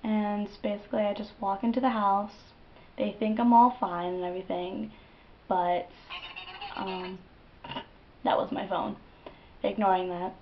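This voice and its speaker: A young woman vlogger telling a story to the camera in a casual, animated and profane way, with dramatic outbursts. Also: mid-range voice, unhurried, long pauses, dull audio, a little hiss or hum.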